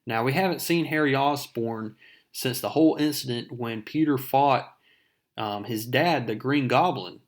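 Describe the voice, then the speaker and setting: A man's voice: mid-range voice, a little slow. A man casually retelling a comic book issue panel by panel, talking to his viewers as folks. His delivery is loose and chatty, full of fillers. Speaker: comic book recap narrator. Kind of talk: casual comic recap narration.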